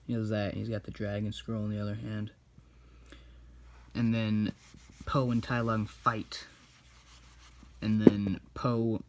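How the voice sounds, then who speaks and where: A man's voice: on the low side, little pitch movement, measured pace, pauses often, noisy background. A man casually retelling a movie for laughs while drawing, in a rambling, offhand way. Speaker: YouTuber.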